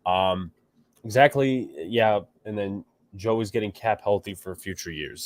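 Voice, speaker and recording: A man's voice: on the low side, a little slow, dry recording. Stuffy-nosed man, opinionated podcast host. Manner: opinionated, rambling, reads chat comments aloud. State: stuffy nose. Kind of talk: casual solo sports podcast.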